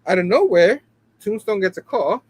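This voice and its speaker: A man with a high, lively voice that jumps all over the place hosts a relaxed talk show. He chats in a loose, animated way, laughs easily and keeps checking in with "you know what I mean". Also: normal speed, husky. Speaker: comic book review show host. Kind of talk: casual chat.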